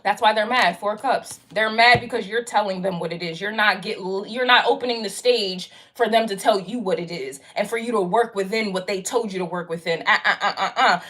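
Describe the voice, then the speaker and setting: A woman's voice: mid-range voice, fairly quick, hardly any pauses, a bit bright. A woman giving a casual tarot reading, talking straight to the viewer in a blunt, profane, slangy way and hammering her point again and again. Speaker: tarot card reader.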